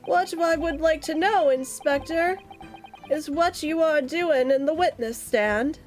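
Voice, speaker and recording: A stern male judge who speaks formally and commandingly, as a woman reads him out. The voice is high and measured in pace. Faint music sits in the background.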